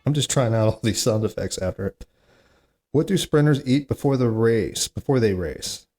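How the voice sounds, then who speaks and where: A man's voice: mid-range voice, expressive, moderate pace, warm tone, faint music behind. A man hosting a solo comedy podcast, reading corny jokes aloud with chatty, self-mocking asides and groans at how bad they are. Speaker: podcast host.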